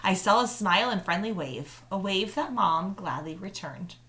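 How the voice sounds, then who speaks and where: With a medium-pitched voice at a moderate pace, a teacher shares a children's novel with her class, narrating in the first person. Her tone is warm as she says hello, then evens out into consistent reading.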